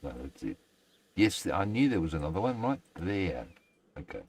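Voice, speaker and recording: Deep-voiced rambling Australian man. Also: sing-song, normal speed, darkish tone, slightly rough, rough recording. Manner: rambling, chatty, self-deprecating. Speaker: game streamer. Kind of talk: casual live-stream chat.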